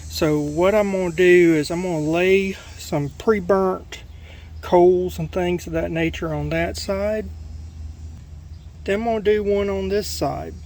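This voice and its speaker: A man with a Southern US accent, casually explaining a cook as he works, folksy and relaxed. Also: high-pitched, slight background noise. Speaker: cooking vlogger. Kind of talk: casual cooking demonstration.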